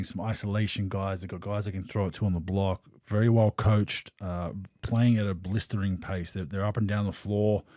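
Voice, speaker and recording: Relaxed Australian man on a podcast. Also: lowish voice, dry recording, studio quality. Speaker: podcast host. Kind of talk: casual chat.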